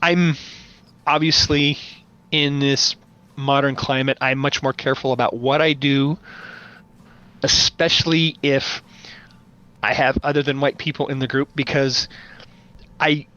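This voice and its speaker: A man who runs tabletop games, chatting on a podcast as an animated storyteller. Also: mid-range voice, a little slow, long pauses. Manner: animated storyteller, playful voice imitations. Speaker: podcast guest, game master. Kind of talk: casual podcast chat. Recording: dull lo-fi audio.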